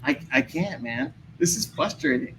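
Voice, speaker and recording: Excitable ranting man, lively high voice. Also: normal speed, vocal fry, a little hiss or hum, rough recording. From Chicago area. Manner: excitable, ranting, venting frustration. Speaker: podcast guest. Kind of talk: casual chat.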